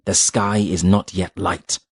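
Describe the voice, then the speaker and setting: A man reads a cold, calculating warrior in a very low, deep voice, each word slow and quietly menacing. The audiobook voice is recorded dry and close, with no room sound. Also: little pitch movement, husky, no echo, full character voice. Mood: cold, measured. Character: cold, measured man of war bargaining. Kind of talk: audiobook character reading.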